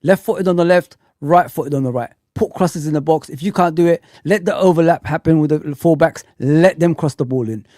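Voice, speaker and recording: A man hosts a football live stream, his voice sitting a little high and the sound dry and close. He talks in an animated way, repeats himself, and speaks straight to his viewers. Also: fairly quick, few pauses, no echo.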